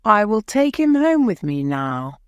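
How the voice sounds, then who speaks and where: A woman voicing a gentle, kind mother in an audiobook, speaking softly. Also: medium pitch, big pitch swings, a little slow, clean tone, no echo, lo-fi sound, voice pushed up. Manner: soft and kind.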